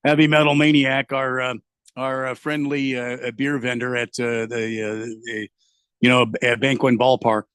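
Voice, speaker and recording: A man's voice: mid-range voice, flat delivery, normal speed, fairly bright tone, clear, resonant tone, no room sound, studio quality. A man hosting a casual radio show, reading out listener messages in a loose, easygoing way with lots of fillers. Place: home studio in Arizona.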